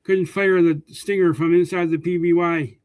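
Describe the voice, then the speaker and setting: A man's voice: sits high, flat delivery, moderate pace, a little mellow, no echo. A man reading comic book dialogue aloud as co-host of a casual read-along, often stumbling and repeating words.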